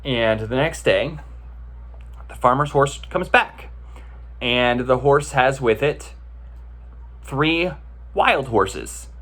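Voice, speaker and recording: A man's voice: mid-range voice, expressive, slow pace, long pauses, fairly bright tone. Casual man telling a story in a talk. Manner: casual, conversational, with many filler checks. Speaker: meditation teacher.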